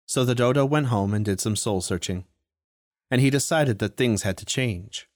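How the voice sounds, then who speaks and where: A man reading a story aloud in a steady, even storytelling manner. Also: mid-range voice, moderate pace, dry recording, studio quality. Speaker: audiobook reader. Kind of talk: storytelling narration.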